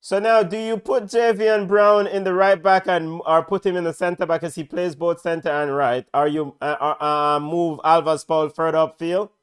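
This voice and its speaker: Excitable Jamaican man calling football. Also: a little high, moderate pace, hardly any pauses, clean tone. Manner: excitable, chatty, bursts into shouts at big moments. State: hoarse, voice worn out. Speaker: play-by-play commentator. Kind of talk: live football watch-along commentary.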